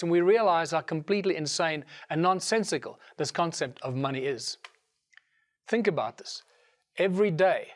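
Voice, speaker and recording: A middle-aged man with a South African accent telling a story in a lively way and giving the characters their own voices. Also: sits high. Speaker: speaker. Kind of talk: storytelling talk.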